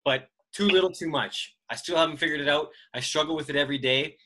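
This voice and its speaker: A man in his thirties with a bright, forceful voice pitched a little high. He talks like a pumped-up podcast co-host, quick and slangy, and he gets loud at the big points. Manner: hyped, slangy, fast-talking. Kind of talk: casual podcast chat.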